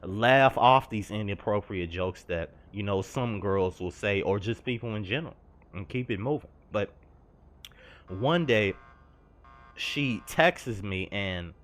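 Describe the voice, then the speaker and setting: A man's voice: on the low side, measured pace. A young man telling a personal story over gameplay, earnest and confessional, slangy and rambling. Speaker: gaming vlogger.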